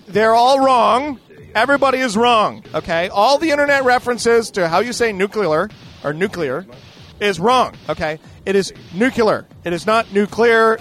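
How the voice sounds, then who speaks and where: A man hosting a podcast in a casual, profane rant, animated and mock-boastful, swearing freely. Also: a little high. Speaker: podcast host.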